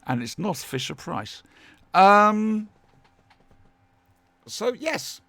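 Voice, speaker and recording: A man's voice: sits high, sing-song, drawn-out words, fairly bright tone, no room sound. A man hosting a casual live stream, rambling and self-mocking with lots of fillers. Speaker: livestream host.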